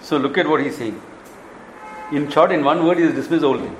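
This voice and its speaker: A man's voice: on the high side, fast, slight background noise. Male Indian spiritual teacher, Kerala-born, chuckling storyteller in an echoey hall. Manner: animated storytelling, acts out dialogues, chuckles often. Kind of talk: Vedanta discourse.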